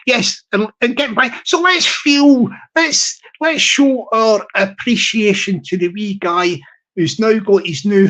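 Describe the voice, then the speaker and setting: A man hosting a live stream, giving upbeat, rambling shout-outs and often repeating himself. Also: high voice.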